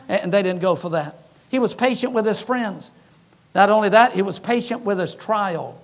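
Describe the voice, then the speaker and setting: A man preaching a sermon from the pulpit, his voice sitting unusually high. He drives his points home through emphatic repetition and lightens them with humor. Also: moderate pace. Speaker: pastor.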